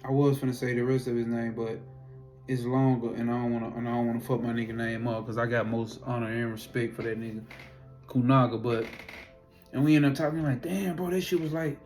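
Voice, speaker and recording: A man with a mid-range voice recounts a personal spiritual story fairly quickly over soft background music. He's animated, casual, and profane, performing his own reactions as he goes.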